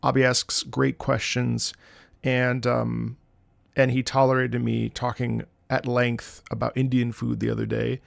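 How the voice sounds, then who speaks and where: A man in his late thirties chatting casually as a streamer reacting to game music, excitable and swearing freely as he jumps between topics. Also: mid-range voice, a little slow, vocal fry, no room sound. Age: late 30s. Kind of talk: casual rambling chat.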